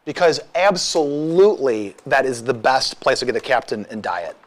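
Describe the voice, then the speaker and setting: A man in casual podcast banter, rambling through his points and joking as he goes. His voice sits at an ordinary middle pitch. A faint hum of background noise sits under him in a small room. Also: animated, normal speed. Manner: rambling, joking, repeats himself. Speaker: podcast co-host.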